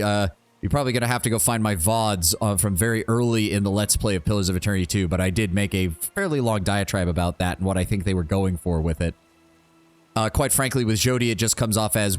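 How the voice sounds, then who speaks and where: A man casually commentating his game playthrough, blunt and chatty, swearing freely and reading dialogue choices aloud. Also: lowish voice. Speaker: streamer. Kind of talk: casual let's-play commentary.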